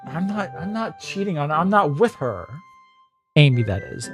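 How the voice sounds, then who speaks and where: Male streamer, a bit higher-pitched, casual mumbled chat, soft music in the background. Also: big pitch swings, normal speed. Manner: mumbling asides, laughs at himself. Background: faint background music.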